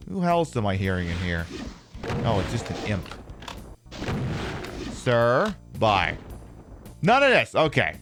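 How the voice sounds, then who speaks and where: A man's voice: fairly low pitch, sing-song, takes it slowly, long pauses, a bit bright, soft background music. A man live-streaming a shooter game, chatting and joking while he swears at the enemies. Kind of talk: live-streamed gameplay chat.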